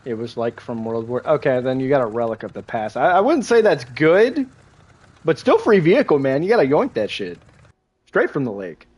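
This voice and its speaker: While playing a game on a live stream, a husky-voiced American man in his twenties talks casually to his audience at a moderate pace. His pitch rises and falls energetically as he reads chat, jokes, curses and reacts to both the messages and the gameplay.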